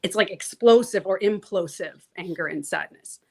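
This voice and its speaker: A woman coach chatting in an interview, lively and outspoken, with a freely swearing, frank way of talking. She acts out the people she quotes, jumping in pitch and loudness as she goes. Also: normal speed, vocal fry. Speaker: transformation coach, guest. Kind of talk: casual interview talk.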